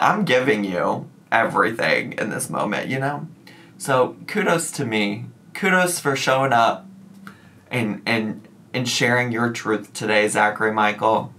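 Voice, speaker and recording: A man talking casually to his camera in a vlog, chatty and animated, now and then slipping into a joking southern twang. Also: mid-range voice. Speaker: YouTuber.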